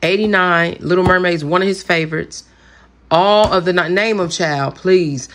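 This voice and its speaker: A woman's voice: fairly low pitch, moderate pace, fairly bright tone. A woman chatting enthusiastically through a haul video, saying "y'all" a lot. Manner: gushing, chatty, says "y'all" often. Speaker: vlogger showing purchases. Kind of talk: casual haul video chat.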